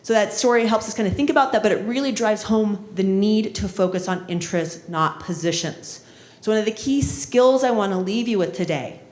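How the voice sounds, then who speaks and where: A woman trainer talks a workshop group through conflict skills in a loose, conversational way. She tosses in "right?" as she goes. Her voice sits at a middle pitch and bounces around a fairly reverberant room. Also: a little mellow. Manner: conversational, often adds "right?" and acts out quoted voices. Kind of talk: workshop lecture with storytelling. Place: municipal training session room. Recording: echoey room.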